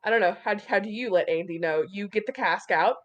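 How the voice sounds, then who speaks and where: A woman's voice: mid-range voice, brisk, muffled recording. A woman narrating a tabletop game as game master, casual and full of fillers.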